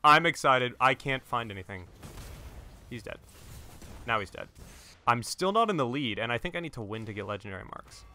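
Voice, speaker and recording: An excitable young man narrating his own gameplay, his voice bright and bouncing all over the place. He jokes, talks to his teammates and swears at his deaths, speaking close into a headset mic. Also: medium pitch, brisk, long pauses, a little hiss or hum. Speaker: gaming channel host. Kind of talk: let's-play gameplay commentary.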